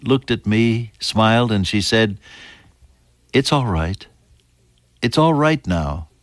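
A man's voice: fairly low pitch, no room sound. Earnest older male preacher, dry close sound. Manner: earnest, swings from hushed to rising emphatic. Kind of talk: sermon.

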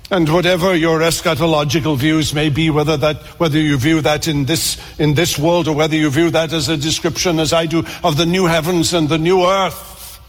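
A man preaching a sermon in earnest tones, repeating words and slowing down for emphasis. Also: on the high side, steady tone, in a large hall.

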